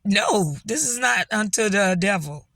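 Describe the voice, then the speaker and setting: A woman's voice: mid-range voice, animated, unhurried, fairly bright tone, no echo. A middle-aged woman telling a rambling story to her viewers, laughing often and encouraging them. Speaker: vlogger. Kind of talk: casual storytelling monologue.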